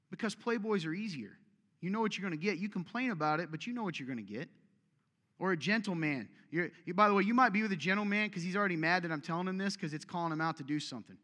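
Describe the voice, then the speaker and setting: A man preaches in a lively, conversational way, pressing his points and then dropping to a near-hush. His voice sits a little high for a man. The sound carries the long reverb of a large hall. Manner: emphatic, conversational preaching with swings in loudness. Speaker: pastor. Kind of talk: sermon.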